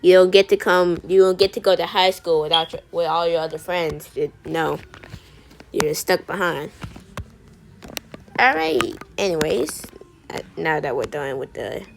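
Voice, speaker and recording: A woman's voice: fairly low pitch, gravelly, background noise. A woman video creator chatting while she colors. She talks in a sassy, rambling way and often stumbles and restarts her words.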